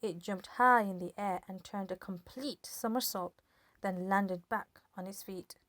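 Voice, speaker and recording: A woman reading a children's story aloud with lively, expressive storytelling. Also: medium pitch, a little slow, dry recording. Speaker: storybook reader.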